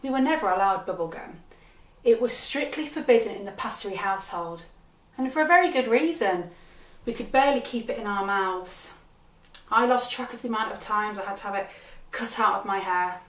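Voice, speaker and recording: A woman storyteller telling comic tales from her childhood with a wry, deadpan delivery. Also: medium pitch. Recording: roomy sound from a distant mic.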